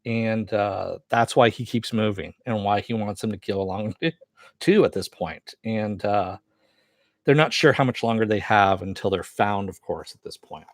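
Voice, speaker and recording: A man's voice: moderate pace, no room sound, clean studio sound. A man giving a casual, rambling recap of a TV episode, full of fillers and chuckles. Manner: loose storytelling with many fillers, chuckles often; voices the characters' lines with a lifted pitch. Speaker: TV reviewer.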